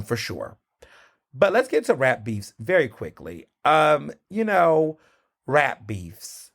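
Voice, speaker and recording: A man hosting a solo podcast in a casual, animated, gossipy way, full of sassy asides. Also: mid-range voice. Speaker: podcast host.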